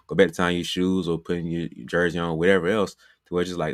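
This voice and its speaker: A man's voice: low-pitched, steady tone, fast talker, fairly bright tone, no room sound, clean studio sound. A man giving a motivational basketball coaching talk, conversational and repetitive, often saying "you know". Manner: conversational, repeats phrases, frequent "you know". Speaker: basketball trainer.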